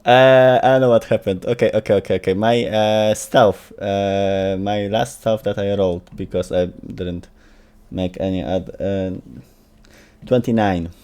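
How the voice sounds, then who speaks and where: A man's voice: lowish voice, fairly even intonation, unhurried, darkish tone, smooth. A man playing in a tabletop game, talking casually and rambling with many likes and laughs. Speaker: player.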